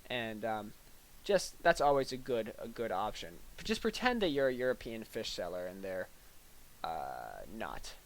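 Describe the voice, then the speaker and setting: A young man giving a deadpan parody lecture, halting and full of fillers, with mock-serious delivery and little acted-out asides. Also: on the low side, poor audio.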